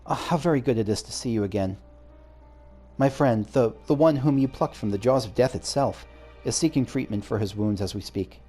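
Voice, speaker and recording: A man's voice: medium pitch, moderate pace, mellow, husky, soft background music, close to an everyday voice. A man voicing a courteous male scholar in game dialogue, speaking formally. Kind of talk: reading game dialogue aloud.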